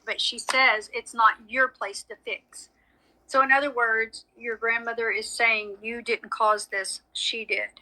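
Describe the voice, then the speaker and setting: A woman's voice: on the high side, bright, forceful tone, low-quality recording. Woman, psychic medium, live chatty reading, frank, apologetic, brilliant tone. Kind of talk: live social media reading.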